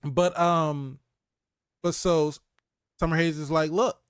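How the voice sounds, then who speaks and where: A man co-hosting a casual movie review chat, retelling scenes with lively acted-out lines and frequent laughs. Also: on the high side, slow pace, smooth, no echo, clean studio sound. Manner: animated retelling, acts out character lines, laughs often. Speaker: podcast co-host.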